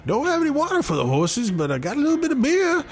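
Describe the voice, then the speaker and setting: A man voicing a gruff frontier saloon bartender, loud and raised. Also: very high voice, huge pitch swings, fast talker, voice pushed up, exaggerated voice.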